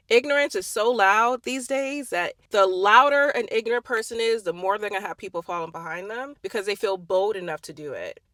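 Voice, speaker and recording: A woman's voice: mid-range voice, fairly bright tone, dry recording. A young woman giving a heated, blunt and profane commentary monologue, firing off rhetorical questions. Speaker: commentary vlogger. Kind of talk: impassioned social commentary monologue.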